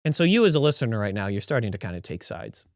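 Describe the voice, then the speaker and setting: A man hosting a podcast who tells a story in a casual, animated, rambling way and often corrects himself mid-sentence. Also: on the low side, fast talker, no room sound, clean studio sound. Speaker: podcast host.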